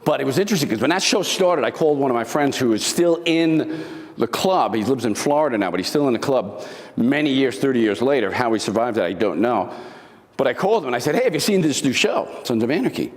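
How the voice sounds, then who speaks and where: A man's voice: mid-range voice, expressive, fast. A middle-aged man giving a motivational talk to a live audience, telling a dramatic story and acting out the lines he quotes. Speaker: motivational speaker. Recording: long hall reverb.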